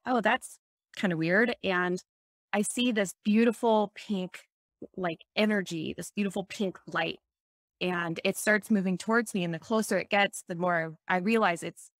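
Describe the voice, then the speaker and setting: A woman's voice: mid-range voice, fairly bright tone, dry recording. A woman guest telling a personal dream story in earnest detail, acting out the quoted voices. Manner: earnest, vivid retelling with quoted dialogue.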